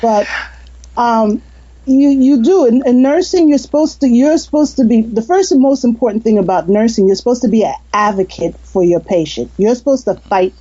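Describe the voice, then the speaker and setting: She speaks on the high side, expressively and at a moderate pace, with a breathy edge; the recording lacks high frequencies. As a hypnotist and ex-nurse being interviewed casually, she tells earnest, kind-hearted stories, often restarting and laughing.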